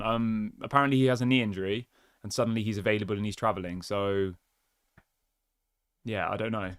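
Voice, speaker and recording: A man's voice: fairly low pitch, fast talker, no room sound, studio quality. A man hosting his own football fan channel, chatting casually and thinking aloud with small restarts. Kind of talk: casual solo fan commentary.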